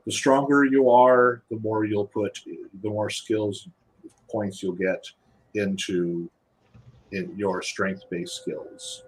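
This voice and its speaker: A low-pitched man with a husky, slightly rough voice talks through game rules on a podcast. He speaks haltingly and keeps restarting his sentences. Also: low-quality recording. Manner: halting, with frequent restarts and repeated words. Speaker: guest game designer previewing a rulebook. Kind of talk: casual podcast explanation.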